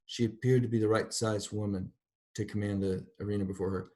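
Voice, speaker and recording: Low-voiced man lecturing on literature. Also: fairly even intonation, moderate pace, darkish tone. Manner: thoughtful, digressive explanation. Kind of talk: university lecture with read-aloud passages.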